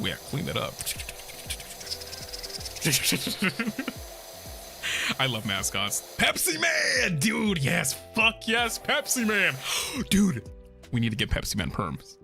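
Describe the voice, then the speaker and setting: A young man chatting casually while streaming a game, excitable and profane, laughing often and bursting into shouts. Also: mid-range voice. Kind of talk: casual gameplay stream chat. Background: game music.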